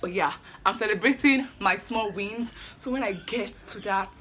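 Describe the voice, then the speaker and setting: A woman's voice: mid-range voice, normal speed, a bit bright, a little hiss or hum. A young woman in her twenties, a medical student, chatting in a hyper, dramatic vlog, repeating herself and out of breath. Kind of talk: excited casual vlog chat.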